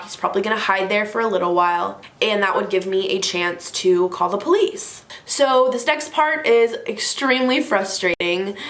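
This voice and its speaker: A young woman tells a story to her camera in a relaxed, chatty way, peppering her speech with "like". Her voice sits at an ordinary middle pitch. The room around her rings with a noticeable echo. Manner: animated, chatty, heavy use of "like". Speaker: vlogger telling a story. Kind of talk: casual storytime vlog. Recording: echoey room.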